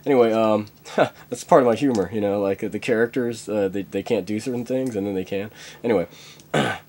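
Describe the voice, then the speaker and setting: A man's voice: lowish voice, brisk, darkish tone. A man rambling through a comic monologue, full of fillers and chuckling at his own jokes.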